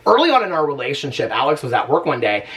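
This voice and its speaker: Chatty, animated man vlogging at home. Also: mid-range voice, quick pace, recorded from a distance. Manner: animated, chatty, lots of fillers and laughs. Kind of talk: casual chat to camera. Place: at home, indoors.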